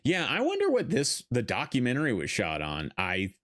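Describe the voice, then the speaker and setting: A man's voice: mid-range voice, wildly swooping pitch, normal speed, a bit bright. A man hosting a podcast, chatting casually while watching a film, laughing often and swearing freely. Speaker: podcast host.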